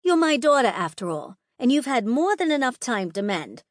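A woman's voice: a little high, big pitch swings, normal speed, no echo, studio quality, pitched above the performer's own voice. A woman voicing a smug, teasing mother figure with a sing-song, condescending manner in an audiobook.

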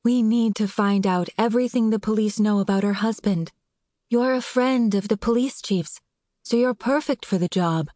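A woman narrator voicing a glum, blunt young woman who talks in a flat, matter-of-fact way. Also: mid-range voice, moderate pace, no echo, studio quality, natural voice. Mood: insistent.

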